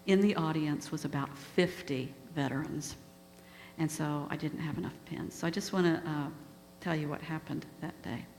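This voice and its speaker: Low-voiced woman telling a story in a hall. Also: normal speed, gravelly, darkish tone. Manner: earnest, emotional retelling. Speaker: guest speaker. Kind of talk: storytelling talk. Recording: echoey hall with faint hum.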